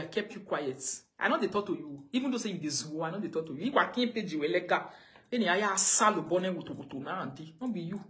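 Scolding Nigerian woman on a rant. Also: fairly low pitch. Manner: scolding, repeats pointed questions. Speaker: live video blogger. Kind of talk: confrontational live rant.

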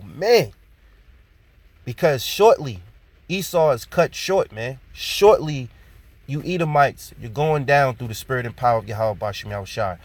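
A man giving an informal sermon. He reads scripture slowly, repeats his points and ends many phrases with "man". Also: medium pitch, dry recording. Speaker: preacher.

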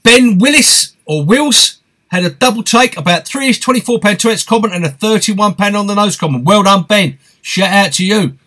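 A man's voice: sits high, moderate pace, pushed and bright. A man hosting a live stream, reading out viewer comments and answering them in a chatty, friendly way. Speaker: host of a fishing live stream.

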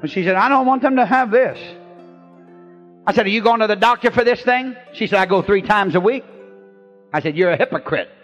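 A man, a pastor preaching a revival sermon to a congregation in church, telling folksy stories and shouting drawn-out refrains. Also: high-pitched, faint music behind.

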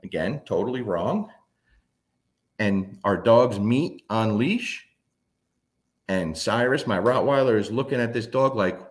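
Speaking in a fairly low voice, this man shares laid-back stories from his work raising and training dogs. His manner is animated and blunt, with an occasional curse, and he acts out his dogs and the people involved in quick asides.

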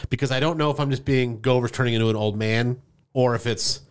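In a clear, resonant, mid-range voice, a man talks at a quick pace while co-hosting a casual movie podcast. He's animated throughout, often laughing and acting out the lines he quotes.

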